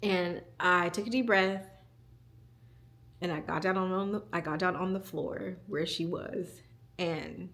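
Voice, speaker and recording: A woman in her forties, a communication coach, telling a candid personal story in a home vlog, reflective and quick to laugh. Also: fairly low pitch, steady tone, fairly bright tone.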